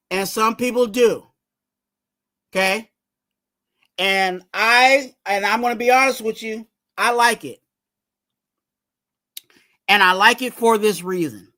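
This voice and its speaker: A man's voice: high voice, pushed and bright. A man hosting a fan channel, giving casual sports commentary in a rambling way and urging viewers to subscribe.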